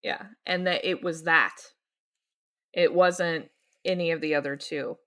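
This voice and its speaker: A woman's voice: sits low, steady tone, unhurried, a bit bright. A woman co-hosting a book club podcast, chatting casually and reading aloud playfully, laughing easily. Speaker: podcast co-host.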